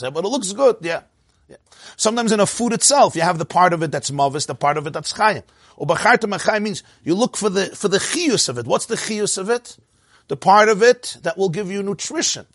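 A man teaching a Torah class, animated, asking rhetorical questions and answering them himself, with a lively rise and fall and frequent laughs. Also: high voice, no room sound, clean studio sound.

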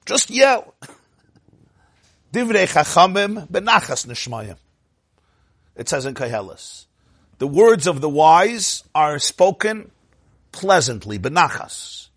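A man giving a lively storytelling talk, laughing often and shouting out his punchlines, with Yiddish and Hebrew phrases mixed in. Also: fairly high pitch, unhurried, breathy edge, dry recording, studio quality. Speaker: Torah speaker.

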